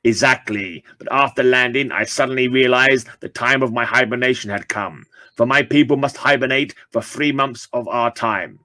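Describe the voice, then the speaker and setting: A man voicing a calm male alien who collects beasts for a zoo, speaking slowly and formally. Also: medium pitch, dry recording, natural voice. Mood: solemn. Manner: slow, measured and formal.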